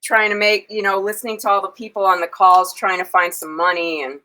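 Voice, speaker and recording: Bright giggly woman cooking at home. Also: mid-range voice, level tone, brisk, low-quality recording. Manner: giggly, chatty, narrates steps. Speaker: cooking show co-host. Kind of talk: casual chat while cooking. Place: home kitchen.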